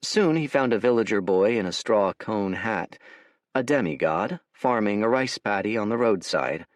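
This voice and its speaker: A man narrating an audiobook in a wry, animated storytelling manner, recorded close to the mic. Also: fairly low pitch, normal speed, no room sound. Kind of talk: scripted narration.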